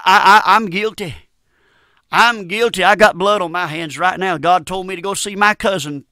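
High bright preacher. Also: male voice, no room sound, clean studio sound. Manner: storytelling, earnest and plain-spoken. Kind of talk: sermon.

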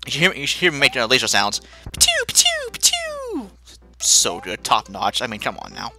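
Let's play host, gameplay commentary, self-mocking, bright forceful voice, faint game music behind. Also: medium pitch, fast talker. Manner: animated, self-mocking, panicky outbursts.

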